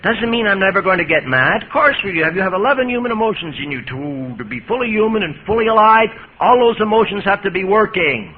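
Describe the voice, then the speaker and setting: A male priest giving a lively, folksy talk on recovery to an audience, recorded on an old 1980s tape. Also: high voice, fast, few pauses. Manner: lively, folksy, jokey storyteller. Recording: muffled 1980s tape with hiss.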